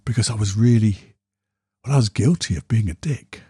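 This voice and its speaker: A man's voice: on the low side, normal speed, mellow, slightly rough, no echo, clean studio sound. A man hosting a solo podcast, telling candid, self-deprecating stories. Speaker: podcast host.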